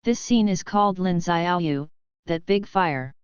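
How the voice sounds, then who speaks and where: Woman narrator, steady audiobook read, smooth lower voice, dry muffled recording. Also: slow pace, no room sound.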